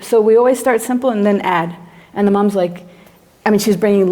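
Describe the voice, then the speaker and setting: Woman psychologist, class lecturer, lively storyteller who acts out scenes. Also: mid-range voice, brisk. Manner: animated storyteller acting out her own reactions.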